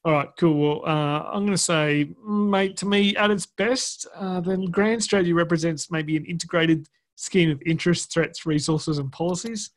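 A man's voice: on the high side, moderate pace, hardly any pauses. Joking man on a podcast. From Australia. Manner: jokey, says "mate" often. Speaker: podcast co-host. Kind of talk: casual podcast banter.

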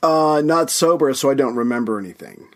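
A man's voice: mid-range voice, expressive, a little fast. A man co-hosting a podcast in casual chat, joking and laughing easily. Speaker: podcast co-host.

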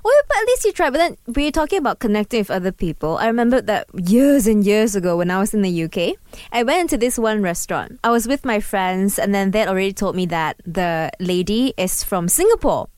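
A woman from Malaysia chatting casually and telling stories with animated energy. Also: mid-range voice, brisk, few pauses, no echo, clean studio sound. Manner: animated storyteller, lively laughs. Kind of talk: casual chat.

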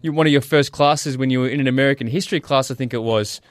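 A man hosting a casual radio interview with quick, encouraging questions. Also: mid-range voice, no room sound, studio quality.

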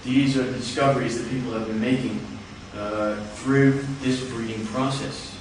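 A man giving a lecture, explaining step by step in a measured way. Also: mid-range voice, fairly even intonation, slight background noise. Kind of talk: explanatory talk. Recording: echoey hall, from far off.

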